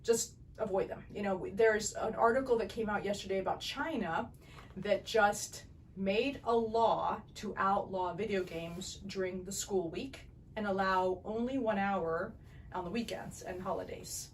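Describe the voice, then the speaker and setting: A woman's voice: medium pitch, far from the mic, slight background noise, low-quality recording. A woman eye doctor hosting a casual podcast interview, talking in a chatty, rambling way and laughing easily. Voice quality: chatty, digressive, quick to laugh.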